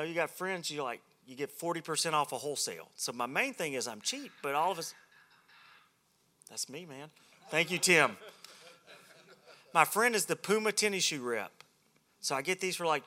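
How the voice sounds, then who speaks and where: A man's voice: fairly high pitch, expressive, a little fast, pushed and bright. A man preaching a humorous sermon at a men's ministry, a self-deprecating and joking storyteller.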